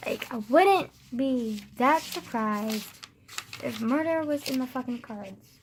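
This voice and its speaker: A woman's voice: high-pitched, lively intonation, slow, background noise. A young woman in her teens venting to camera in a casual vlog, exasperated, swearing heavily, with frequent sighs and muttered asides. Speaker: vlogger.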